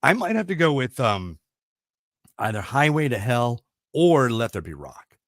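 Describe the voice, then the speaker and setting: A man's voice: medium pitch, very animated, a little slow, fairly bright tone, no room sound, clean studio sound. A middle-aged man hosting a radio talk show, chatting casually and rambling with enthusiasm, full of fillers and restarts. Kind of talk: casual chat.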